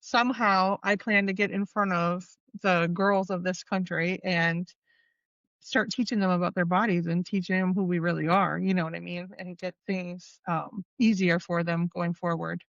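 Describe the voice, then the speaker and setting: A woman's voice: fairly low pitch, fairly even intonation, moderate pace, gravelly, a bit bright, no room sound, highs cut off. A woman guest on a podcast, speaking earnestly and with conviction about her plans. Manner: earnest, emphatic. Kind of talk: casual conversation.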